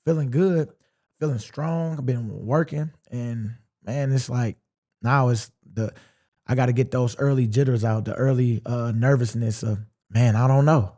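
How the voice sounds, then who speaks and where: A male football player as an interview guest, telling his story in a relaxed, reflective, drawling way and acting out his own thoughts as he goes. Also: medium pitch, a little slow. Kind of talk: casual sit-down interview.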